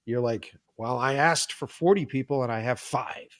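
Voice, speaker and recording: A man's voice: mid-range voice, moderate pace, dry recording. Guy telling film set stories, acts out the voices, swears a lot, dry close mic. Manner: animated storyteller, acts out quotes, swears freely. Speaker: film director guest. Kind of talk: casual podcast chat.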